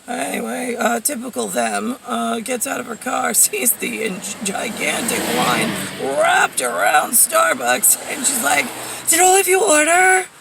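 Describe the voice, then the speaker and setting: A woman's voice: on the high side, lively intonation, measured pace, gravelly, hardly any pauses, far from the mic, noisy background. A woman vlogger rambling through a profane, sardonic monologue full of fillers, heard a little away from the mic. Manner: profane, sardonic ranting with frequent fillers and laughs.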